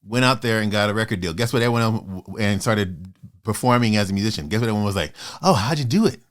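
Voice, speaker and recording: A man in his fifties hosting his own motivational vlog, talking in a passionate, fired-up way with sudden loud bursts. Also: lowish voice, quick pace. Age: 50s. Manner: acts out doubters in quoted asides. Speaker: author and channel host.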